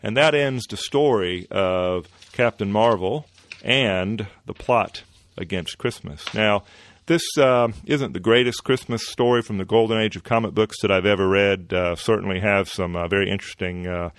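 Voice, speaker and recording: A man hosting a podcast, retelling an old comic-book story in a relaxed way with many fillers. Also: lowish voice, moderate pace. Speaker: podcast host.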